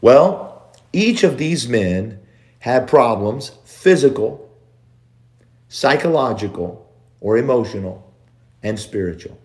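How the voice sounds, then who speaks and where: Male preacher, very slow and emphatic, stacks repeated phrases, middle voice. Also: mid-range voice, lively intonation. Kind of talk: sermon.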